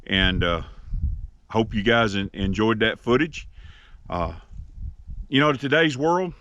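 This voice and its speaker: A man's voice: on the low side, animated, slow, fairly bright tone. Plain-spoken horse trainer man outdoors. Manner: plain-spoken, drawling, soothing murmurs to a horse. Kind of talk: casual explaining while working. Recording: dull lo-fi outdoor audio with noise.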